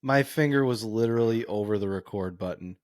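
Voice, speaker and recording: A man's voice: on the low side, brisk, a little mellow, no echo. A young man co-hosting a casual sports podcast, laid-back with dry teasing humor. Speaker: podcast co-host.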